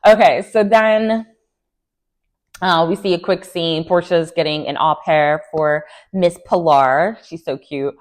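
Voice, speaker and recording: A woman giving sassy, opinionated recap commentary on a reality show with lively slangy asides. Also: lowish voice, takes it slowly. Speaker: recap vlogger.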